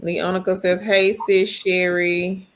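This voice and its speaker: A woman's voice: fairly low pitch, flat delivery, slow, fairly bright tone. A woman co-hosting a casual livestream, chatty as she greets viewers and reads their comments aloud. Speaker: livestream co-host. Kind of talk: casual live chat.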